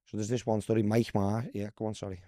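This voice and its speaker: A man's voice: lowish voice, level tone, fast, mellow, dry recording, clean studio sound. A man with a Scouse accent, a former footballer talking as a guest, chatty and swearing freely as he tells stories. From Liverpool, England. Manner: chatty, swears freely, calls people lad. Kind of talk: casual storytelling chat.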